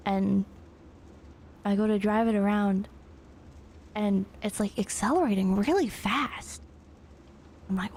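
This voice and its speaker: A woman streamer telling a story in a rambling, animated way with casual swearing. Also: mid-range voice, creaky, slight background noise.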